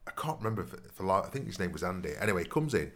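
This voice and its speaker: Rambling man, lowish voice. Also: sing-song, very fast, fairly bright tone. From Nottingham, England. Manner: rambling storyteller, often says "you know what I mean". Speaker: podcast co-host. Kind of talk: casual anecdotal chat.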